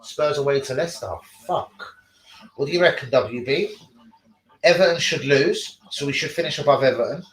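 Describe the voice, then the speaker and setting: A man hosting a casual live stream, sweary and excitable, talking to his chat about football. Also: medium pitch, normal speed, echoey room, poor audio.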